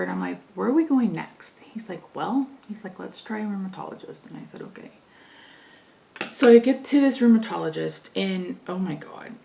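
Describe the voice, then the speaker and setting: A middle-aged woman with a heavily gravelly, fry-laden voice at a middle pitch, chatting casually to her viewers. She tells her story frankly and with exasperation, laughs often and acts out the lines of the people in it. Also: a little mellow, a little hiss or hum. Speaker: vlogger. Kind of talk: casual storytelling while doing makeup.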